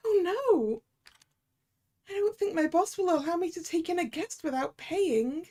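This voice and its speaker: A woman's voice: very high-pitched, animated, a little slow, mellow, voice pushed up. A woman voicing a prim young female hotel receptionist in a game, speaking in a polite, businesslike way. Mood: worried.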